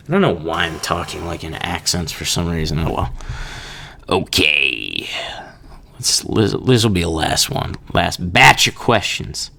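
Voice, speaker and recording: Guy on his own podcast, slow jokey rambling, kinda gravelly. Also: deep voice, sing-song, bright, forceful tone. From Kansas. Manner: rambling, jokey, laughs between thoughts. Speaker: podcast host. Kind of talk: casual solo podcast chat.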